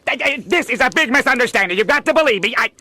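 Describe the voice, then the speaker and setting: Brief: cartoon-style panicked pleader, high and bright, put on by a woman. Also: animated, very fast, no echo, full character voice.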